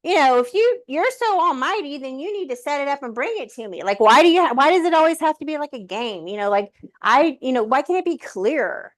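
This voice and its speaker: A woman's voice: high-pitched, brisk, few pauses. A woman casually telling a personal story in a chatty way, full of fillers and acted-out inner dialogue. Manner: animated, many fillers, acts out her talks with the universe. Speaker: guest sharing a personal story.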